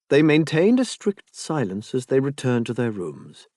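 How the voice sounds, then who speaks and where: A male narrator reads a novel aloud in a measured, expressive way. His pitch moves a great deal from phrase to phrase. The recording is dry and close, with no room sound. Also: dry recording. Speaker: audiobook narrator. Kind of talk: scripted narration.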